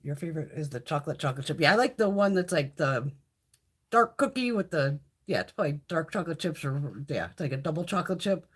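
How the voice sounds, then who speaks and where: Chatty, husky woman, lively pitch. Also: quick pace. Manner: chatty and profane, reads out viewer comments. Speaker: beauty livestream host. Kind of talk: casual live chat.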